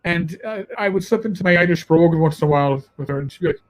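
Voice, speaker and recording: A man with a high-pitched voice, chatting on a podcast as a former cop. He spins animated stories full of swearing. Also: fast, few pauses, rough recording. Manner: animated, profane storyteller. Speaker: podcast guest, former police officer. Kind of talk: casual podcast chat.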